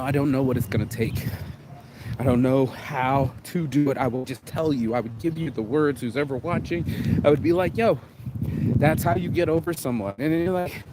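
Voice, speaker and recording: A man in an emotional vlog, talking raw and rambling through tears and laughs while out in the rain on a street. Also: fairly high pitch. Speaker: vlogger. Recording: noisy outdoor street recording. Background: street noise and passing vehicles.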